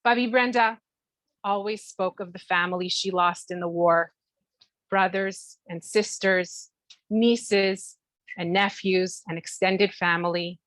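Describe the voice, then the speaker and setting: A middle-aged woman, a mother, reading a heartfelt speech at her daughter's bat mitzvah, measured and sprinkled with Hebrew terms. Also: medium pitch, fairly even intonation, a bit bright, no room sound, rough recording. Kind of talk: read-aloud family speech. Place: Toronto.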